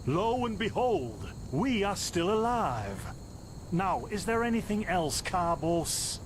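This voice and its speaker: A man's voice: sits high, slow pace, noisy background, heavily acted. An actor playing a friendly, dryly amused male apothecary in a video game. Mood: genial. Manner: genial, dryly amused, lively. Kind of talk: game voice acting.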